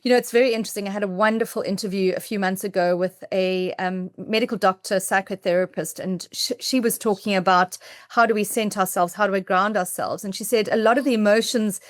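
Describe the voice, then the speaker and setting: A woman host on a podcast interview, with a medium-pitched voice recorded dry and close. She reacts eagerly and thinks aloud, building on her guest's points. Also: steady tone, quick pace, few pauses, dry recording. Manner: enthusiastic, reflective, talks through her own thoughts.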